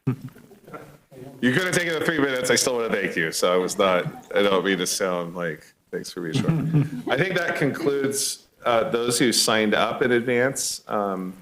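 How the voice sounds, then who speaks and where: A man acting as mayor, chairing a public hearing in a city council chamber, polite and procedural with occasional halting restarts, speaking into a desk microphone. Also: medium pitch, expressive, fairly bright tone, low-quality recording.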